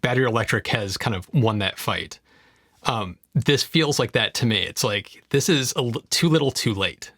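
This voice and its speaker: A man's voice: mid-range voice, animated, normal speed, fairly bright tone, no echo, clean studio sound. A man co-hosting a tech podcast, speaking emphatically and with strong opinions. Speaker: podcast co-host. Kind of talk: casual tech chat.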